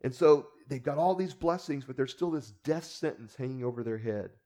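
A man's voice: mid-range voice, moderate pace, warm tone. A man preacher teaching a Bible story in a casual storytelling way, with rhetorical asides to the listeners.

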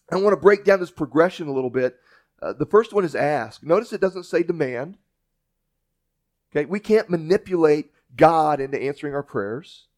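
Male pastor, folksy sermon delivery, somewhat high voice, conversational restarts. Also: a little mellow. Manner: folksy storytelling preacher with restarts.

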